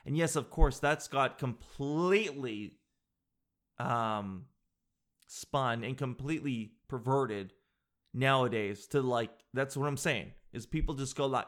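A man vlogging casually, reacting to an internet article in a jokey, excitable way and calling the audience "dude". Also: medium pitch, slow. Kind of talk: casual chat reading an article aloud.

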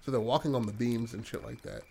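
A man's voice: medium pitch, fairly even intonation, fast, vocal fry, mellow, a little hiss or hum. A man hosting a podcast who tells an improvised story casually, rambling with lots of swearing and restarts. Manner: rambling and profane, full of fillers and restarts. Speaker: podcast host telling a story.

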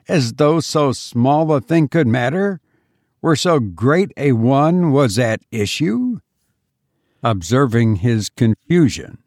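A man narrating a historical novel in a measured, dramatic storytelling manner. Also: mid-range voice, creaky, darkish tone, no room sound, studio quality. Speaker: audiobook narrator.

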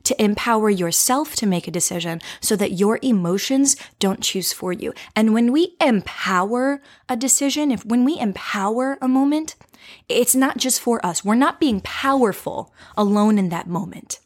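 A woman hosting a show, telling a personal story as a lesson in a playful, animated way, often checking in with "right?" and laughing. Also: on the high side, moderate pace. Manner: animated, with frequent tag questions. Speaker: podcast host.

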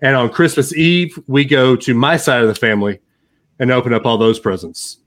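A man's voice: mid-range voice, normal speed. Playful American man hosting casual chat. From United States. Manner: laughs often, playful. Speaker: podcast host.

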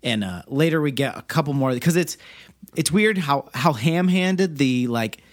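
A man co-hosting a podcast, explaining movie details in a relaxed, casual way with lots of fillers. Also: on the high side, moderate pace, dry recording, studio quality. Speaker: podcast co-host.

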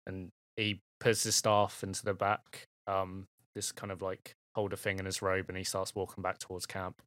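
A man's voice: low-pitched, monotone, normal speed, fairly bright tone, no room sound, studio quality. A man narrating a tabletop game as game master, in a loose, chatty way with lots of fillers.

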